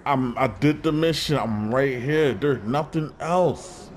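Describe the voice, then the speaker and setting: A man talks over his gameplay in loose, slangy, trash-talking commentary. His mood swings between cocky hype and frustration. His voice sits at an ordinary middle pitch, with a faint hiss of noise behind it. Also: takes it slowly, few pauses. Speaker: gaming YouTuber.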